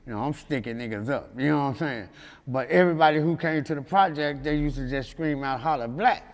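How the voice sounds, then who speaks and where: Memphis man with a gravelly, slightly high voice, telling street stories with easy laughs, heard in a reverberant hall. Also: quick pace. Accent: Memphis Southern US. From Memphis, USA. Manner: loose and laughing, keeps saying "you know what I'm saying". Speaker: rapper guest. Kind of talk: casual interview storytelling.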